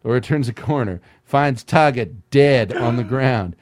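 A man with a medium-pitched, darkish voice hosts a comedy show, reading a screenplay aloud at an unhurried pace. As a podcast host doing this comedic script read-through, he adds wry asides and laughs often at the material.

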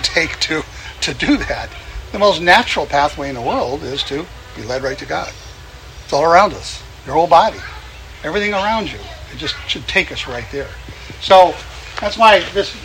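A man preaching outdoors in a folksy, chuckling way, repeating his phrases for emphasis. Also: high-pitched. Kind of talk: outdoor sermon. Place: outdoors among birds. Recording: noisy outdoor recording.

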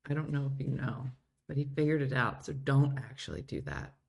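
A middle-aged woman hosts a casual live show, chatting and giggling as she reads viewer comments aloud and slipping into playful put-on voices. Her bass voice is fairly quick, gravelly, a little mellow, and edged with breathiness.

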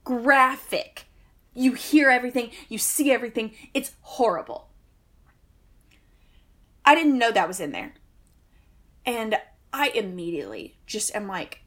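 A woman's voice: on the high side, animated, a little slow, long pauses, a bit bright. Woman ranting thru a story on a podcast, dry and fed up. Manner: exasperated, wry storyteller. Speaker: podcast co-host. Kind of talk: casual storytelling chat.

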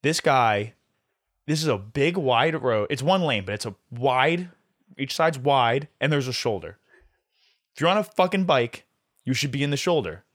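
A young man hosting a podcast, telling a story in a profane, animated way. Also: medium pitch, moderate pace. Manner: profane, animated storyteller who swears often. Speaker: podcast host. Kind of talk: casual storytelling chat.

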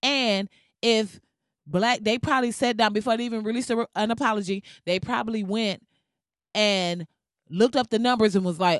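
A woman's voice: fairly high pitch, moderate pace, dry recording, studio quality. A woman from the United States delivering a heated, sarcastic, profanity-laden commentary rant to her viewers. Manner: heated, sarcastic, heavy swearing. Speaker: vlogger.

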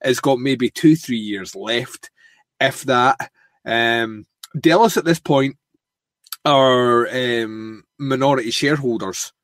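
A man's voice: medium pitch, slow, a bit bright, dry recording. Crude joking male podcast co-host. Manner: crude, joking, full of fillers. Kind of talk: casual chat, recapping a TV show.

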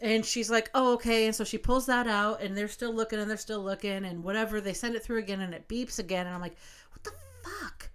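A woman's voice: mid-range voice, steady tone, quick pace, hardly any pauses, fairly bright tone, clear, resonant tone. A woman in her thirties, a podcast co-host chatting casually, telling a long story with plenty of swearing and acting out what she said.

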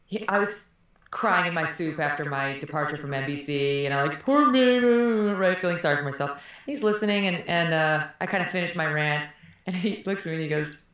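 A woman's voice: sits low, fairly quick, fairly bright tone, highs cut off. A middle-aged woman speaking frankly and animatedly as an interview guest, laughing often. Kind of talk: candid conversational interview. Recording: very echoey room.

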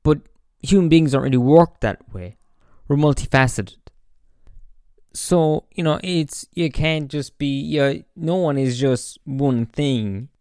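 A man's voice: fairly high pitch, measured pace, dark tone, smooth, no echo, clean studio sound. A man hosting his own podcast, talking through his thoughts in a rambling, reflective way full of fillers and restarts, into a podcast microphone. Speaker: podcast host. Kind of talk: casual reflective monologue.

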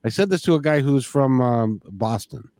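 A man's voice: mid-range voice, animated, moderate pace, darkish tone, no room sound, clean studio sound. A man hosting a spiritual conversation, earnest, often repeating words as he thinks. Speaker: podcast host.

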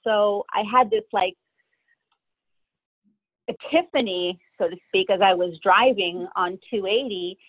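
A middle-aged woman telling her own story as an interview guest, hesitant and pausing often between her thoughts. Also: medium pitch, dry recording. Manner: hesitant, many pauses and fillers. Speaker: guest sharing personal story. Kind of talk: candid personal storytelling. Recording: tinny phone-like line, dry.

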